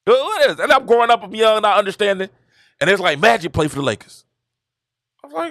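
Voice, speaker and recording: A man from Georgia, hosting a casual sports talk stream and telling stories in an animated, repetitive way. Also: sits high, fairly quick, pauses often, dry recording, clean studio sound. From Georgia, USA. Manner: animated, repetitive storytelling with laughs. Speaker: show host. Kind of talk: casual commentary livestream.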